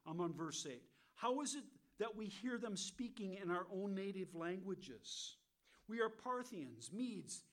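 An American man teaching verse by verse from the Bible, asking his listeners questions and answering them himself, with frequent "okay?" checks. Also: high-pitched. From United States. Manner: keeps checking in with "okay?" and "all right?".

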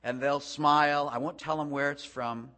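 A male preacher delivering a sermon, with a high, bright voice that carries. He preaches with passion, building up to loud peaks before falling back to hushed, intimate stretches. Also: fairly even intonation, normal speed. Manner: impassioned, swelling to loud climaxes. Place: room with a congregation.

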